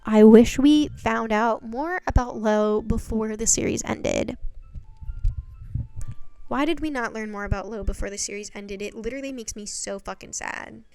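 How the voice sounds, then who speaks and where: A woman's voice: fairly high pitch, moderate pace, darkish tone, smooth. A young woman giving a casual spoken recap, chatty and blunt, swearing freely and firing off rhetorical questions. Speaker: video essayist. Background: faint background music.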